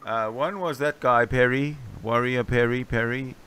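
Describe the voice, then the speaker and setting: A man's voice: medium pitch, fairly even intonation, a little slow, pushed and bright, a little hiss or hum. A man in casual chat making wry, mocking asides.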